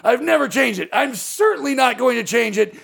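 High-pitched gravelly comedian guy, animated, lots of asides and cursing. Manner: animated, swearing, quick asides. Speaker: comedian guest. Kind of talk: casual podcast storytelling.

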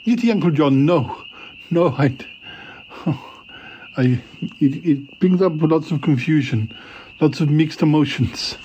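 A man's voice: on the high side, lively intonation, takes it slowly, pauses often, warm tone, a little hiss or hum. A man voicing a shy, easily flustered character in a comedy audio drama, protesting nervously.

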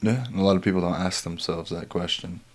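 A man's voice: low-pitched, quick pace. A man interviewing a guest in a casual way, affirming often and using many fillers.

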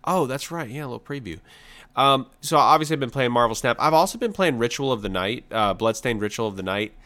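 A man's voice: medium pitch, expressive, quick pace, fairly bright tone. Rambling, mock-offended male podcast co-host. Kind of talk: casual chat.

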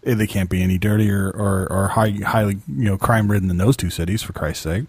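A man co-hosting a podcast over a video call, talking casually and supportively with halting fillers. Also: fairly low pitch, husky. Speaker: podcast co-host.

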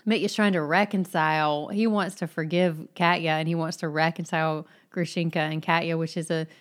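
A woman's voice: low voice, fairly even intonation, a little fast. A woman co-hosting a casual book discussion, thoughtful, laughing often and trailing off mid-thought.

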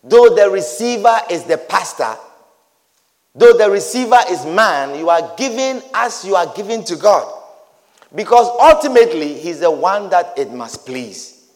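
Male preacher, emphatic and repetitive delivery, swooping lively pitch. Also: a little slow. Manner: emphatic, repetitive, rising to shouts. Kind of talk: sermon. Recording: reverberant hall.

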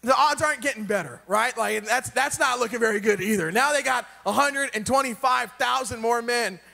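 Casual joking preacher, male, high voice, reverberant church hall. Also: a little fast, vocal fry, sharp tone. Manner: casual, joking retelling with rhetorical questions. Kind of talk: sermon.

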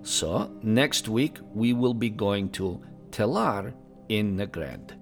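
A man's voice: on the low side, expressive, takes it slowly, soft background music. A man voicing a married middle-aged male Draenei traveler who speaks broken English and drops his articles, in an in-character tavern review podcast. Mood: plain. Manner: plain, matter-of-fact, teasing.

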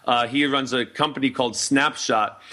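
A man's voice: mid-range voice, steady tone, normal speed, pushed and bright. A middle-aged man hosting a casual talk show, telling a rambling story full of fillers and restarts. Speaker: host.

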